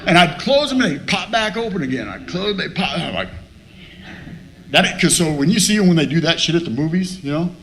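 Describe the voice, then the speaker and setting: A man's voice: a little high, expressive, fairly quick, fairly bright tone, slight background noise. A man telling a blunt, profane story at a recovery meeting and acting out both sides of the talk. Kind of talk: storytelling share with humor.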